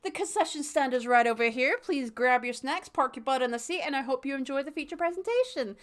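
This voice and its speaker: A woman's voice: high voice, expressive, fairly quick, a bit bright. A Scottish woman streaming a game, chatty and giggly, mocking her own stumbles while reading aloud. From Scotland.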